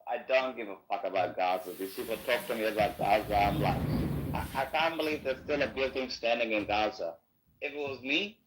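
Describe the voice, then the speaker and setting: A man's voice: medium pitch, fairly bright tone, poor audio. A man in a casual online voice chat, ranting emphatically with profanity and lots of repetition. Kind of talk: heated casual rant.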